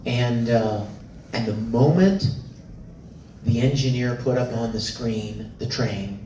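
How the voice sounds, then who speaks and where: A middle-aged man telling lively stories at a convention panel, laughing often and acting out quotes in high voices. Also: slow pace. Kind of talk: storytelling to a live audience. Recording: echoey hall from far off, faint noise.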